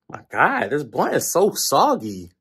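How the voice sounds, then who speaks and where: A man's voice: on the high side, a bit bright, slightly rough. A man performing a comedy sketch, talking in stammering, repetitive, pushy banter.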